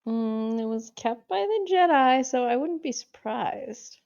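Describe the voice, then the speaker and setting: A woman with a somewhat high voice speaks expressively in character during a tabletop game. She talks slowly, and her pitch swings widely. The recording sounds dull and lo-fi. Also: gravelly. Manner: expressive, laughs easily. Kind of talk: in-character roleplay.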